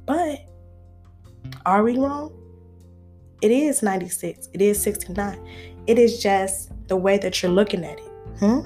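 A woman's voice: medium pitch, moderate pace, dark tone, soft background music. A woman vlogger, talking casually to her viewers, playful and preachy. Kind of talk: casual chat to camera.

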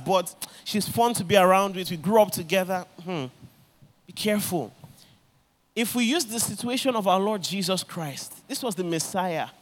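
A high-voiced man preaches, bringing his sermon stories to life by animatedly imitating the people who appear in them.

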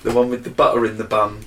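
A man's voice: mid-range voice, level tone, brisk, bright, forceful tone. Man, casual chat, laid-back, joking, faint hiss behind. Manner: laid-back, puts on silly voices for jokes.

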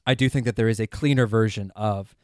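A man co-hosting a casual podcast, recapping an episode with lively asides and playful quoted lines. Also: fairly low pitch, fairly quick, dry recording, studio quality. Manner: animated, acts out scenes with quoted voices. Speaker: podcast co-host. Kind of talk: casual chat.

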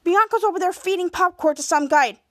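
A woman's voice: very high voice, fairly quick, fairly bright tone, dry recording, clean studio sound, pitched above the performer's own voice. A woman voicing a jealous teenage boy who sounds whiny and indignant.

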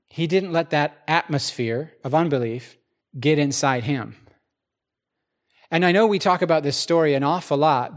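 A man gives a sermon in church, his voice a little high for a man. He speaks to the congregation conversationally, asking them questions and acting out the characters in his stories.

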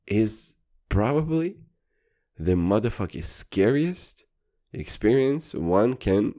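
A man's voice: fairly low pitch, dark tone. A man hosting a podcast, rambling through a crude, profane, boastful comedy rant. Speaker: podcast host.

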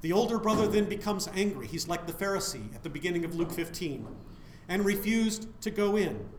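A man's voice: high voice, very animated, a little fast, echoey room, background noise. A man preaching a sermon, putting questions to his listeners and answering them himself.

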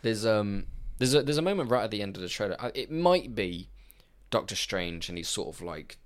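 A man with a very deep voice co-hosts a casual chat. He sounds tired, yawning through it, and often trails off and restarts his sentences. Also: animated, fairly quick. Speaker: podcast co-host.

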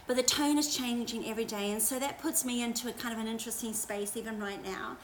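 A woman's voice: fairly high pitch, steady tone, fast talker, slight background noise, rough recording. A woman pastor giving a casual, encouraging devotional talk on a livestream, chatty, with many fillers.

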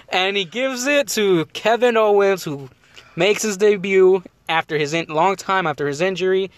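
A podcast host rambling in a loose, animated way about wrestling, laughing often. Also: male voice, high voice, unhurried. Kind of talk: casual wrestling chat.

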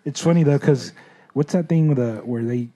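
A man's voice: mid-range voice, moderate pace, warm tone. A young man, telling stories in loose, profane casual chat.

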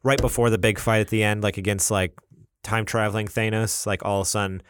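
A man's voice: on the low side, clear, resonant tone, dry recording, studio quality. A man co-hosting a podcast, chatting casually and acting out scenes as he recaps them. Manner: animated storyteller, acts out scenes with quick asides. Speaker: podcast co-host. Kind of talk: casual chat.

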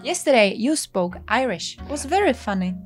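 A woman's voice: on the high side, very animated, normal speed, faint music behind. A woman co-hosting a casual chat, teasing and chiming in with short remarks. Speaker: co-host.

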